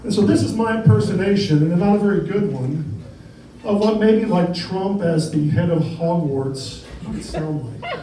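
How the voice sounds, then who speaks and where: High-voiced man doing stand-up. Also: moderate pace. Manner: rambling, conversational, keeps asking "right?". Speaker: stand-up comedian. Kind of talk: stand-up comedy. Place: comedy club stage. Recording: echoey room, distant mic, noisy.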